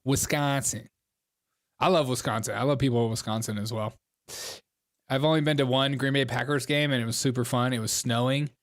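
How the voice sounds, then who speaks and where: Talking fast in a steady, mid-range voice, a livestream host reacts to election coverage with sarcastic asides. He laughs often and talks right over the broadcast in casual commentary.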